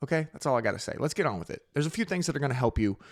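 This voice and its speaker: A man's voice: medium pitch, big pitch swings, racing. A man hosting a casual crypto show to camera, playful and teasing, with mock-sultry asides, on a studio microphone. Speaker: host.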